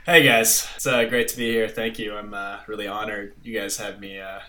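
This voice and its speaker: A man joins a podcast as a guest, talking through a gaming headset. His voice is bright and crisp. His jokes are dry and deadpan. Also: fairly low pitch, normal speed. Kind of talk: casual chat.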